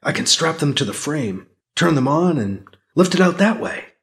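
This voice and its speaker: A man's voice: on the high side, very animated, moderate pace. A man voicing a space pilot's inner thoughts in a musing tone. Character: male space pilot thinking to himself.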